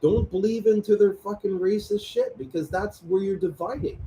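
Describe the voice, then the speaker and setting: A man in relaxed conversation whose pitch jumps around as he tells his stories with plenty of swearing. The room hiss sits clearly under his voice. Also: normal speed. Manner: animated storytelling, swearing freely. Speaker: host. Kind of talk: casual chat. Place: room at night lit by a selfie light.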